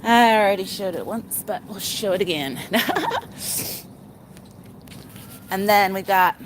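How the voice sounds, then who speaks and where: A woman's voice: mid-range voice, takes it slowly, a little hiss or hum. A woman vlogging outdoors in her garden on a handheld phone, rambling casually and laughing often. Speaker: vlogger showing her pet pig and garden. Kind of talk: casual chat.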